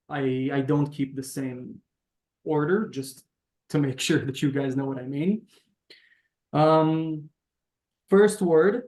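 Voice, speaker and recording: A man teaching a beginner language class over a video call, patiently explaining each step and sounding out words slowly. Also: a little high, a little mellow, reverberant. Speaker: Hebrew teacher.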